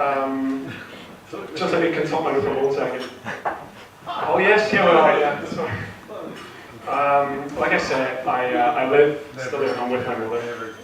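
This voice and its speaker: Over a noisy crowd, a man with a steady, mid-range voice delivers his first stand-up set at a measured pace on a theatre stage. Still, he's nervous and rambling, with frequent fillers and restarts. The echoey hall was recorded from far away.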